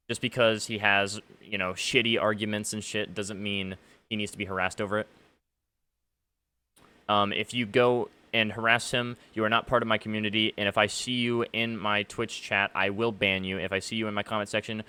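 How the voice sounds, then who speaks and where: A man gives gaming commentary straight to his audience in a ranting, aggrieved tone. His voice is bright and forceful, with a smooth, clean sound. It sits a little low in pitch. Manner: aggrieved, ranting, many fillers. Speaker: gaming YouTuber. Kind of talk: commentary to camera. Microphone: face cam setup.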